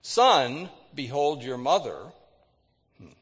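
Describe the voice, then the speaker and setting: A man preaching a sermon, retelling scripture with dramatic readings, lifting his voice for quoted words and dropping it low for solemn moments. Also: animated, unhurried, long reverb tail. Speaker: pastor.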